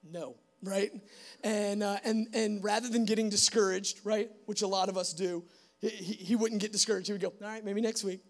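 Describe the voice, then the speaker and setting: A young man giving a church testimony to a live audience, animated and full of fillers, acting out bits of dialogue. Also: high voice, brisk. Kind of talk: sermon testimony storytelling.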